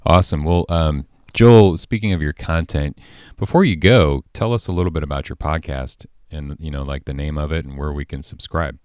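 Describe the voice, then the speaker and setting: A man's voice: a bass voice, normal speed, a little mellow, no echo, studio quality. A man hosting a podcast, upbeat and informal as he wraps up the interview and signs off. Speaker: podcast host.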